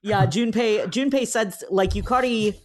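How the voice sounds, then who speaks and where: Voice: medium pitch, unhurried. A podcast co-host casually retelling a game scene, with plenty of ums and uhs. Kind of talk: casual chat.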